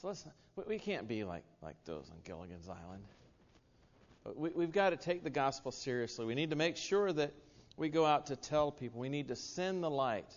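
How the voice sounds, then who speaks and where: A man's voice: mid-range voice, lively intonation, normal speed, muffled recording. American man preaching in a reverberant hall. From United States. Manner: earnest, with frequent restarts and asides. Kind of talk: sermon.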